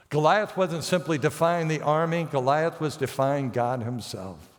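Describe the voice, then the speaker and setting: Male pastor, slightly high voice, storytelling sermon delivery, long church reverb. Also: expressive, moderate pace, few pauses. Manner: storytelling, acts out the characters' quotes. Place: church sanctuary.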